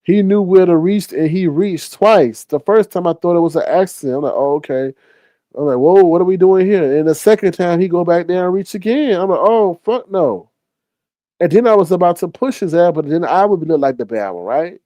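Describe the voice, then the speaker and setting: A man's voice: high-pitched, brisk, dark tone, no room sound. Exasperated man ranting to viewers. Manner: exasperated, repetitive, heavy profanity; acts out other people's lines in raised voice. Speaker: online streamer. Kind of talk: casual storytelling rant to viewers.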